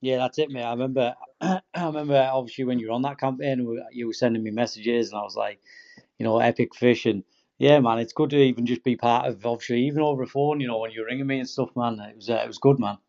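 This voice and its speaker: A man talks quickly and casually, backing up his guest with plenty of "man" and "mate". His voice is mid-pitched, and the audio is dull and set back from the mic. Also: fairly even intonation, a little mellow. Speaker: podcast host. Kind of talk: casual chat.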